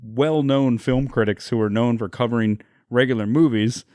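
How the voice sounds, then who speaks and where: A man's voice: medium pitch, moderate pace, mellow, dry recording, studio quality. Rambling, profane podcast co-host man. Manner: rambling, profane, laughs often, many fillers. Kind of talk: casual chat.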